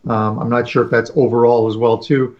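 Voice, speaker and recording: Halting panelist on dull lo-fi audio. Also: male voice, medium pitch, flat delivery. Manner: halting, many restarts and "uh"s. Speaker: panelist handicapper. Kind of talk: casual sports betting analysis.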